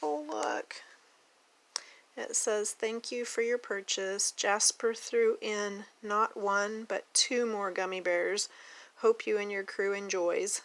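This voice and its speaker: A woman's voice: medium pitch, fairly even intonation, slow, fairly bright tone, poor audio. A woman from Oklahoma with an Oklahoma accent, chatting and gushing through a casual unboxing vlog at a table at home. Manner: chatty, gushing, talks to her dog. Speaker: doll collector vlogger.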